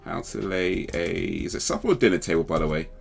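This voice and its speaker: A man's voice: deep voice, expressive, fast, gravelly, soft background music. A man hosting a casual livestream chat, rambling and thinking aloud as he second-guesses himself. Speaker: livestream host.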